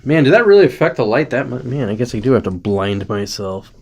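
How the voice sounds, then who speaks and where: A man's voice: medium pitch, very animated, a little fast, breathy edge. A young adult man hosting a casual chat show, rambling and irreverent, joking loosely, sounding tired. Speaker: host.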